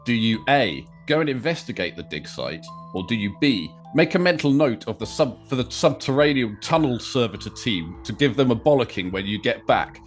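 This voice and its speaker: A man's voice: mid-range voice, expressive, moderate pace, few pauses. Man, podcast host, playful game narrator, faint background music. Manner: playful, chatty storyteller. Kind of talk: narrating an interactive game scenario.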